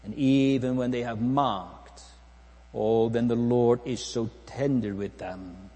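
A man's voice: medium pitch, takes it slowly, warm tone, in a large hall. A man preaching a solemn sermon in a church, asking the congregation repeated rhetorical questions.

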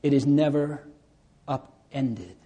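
A man preaching a sermon, slow and earnest, drawing out pleading cries. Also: mid-range voice, expressive, warm tone, muffled recording.

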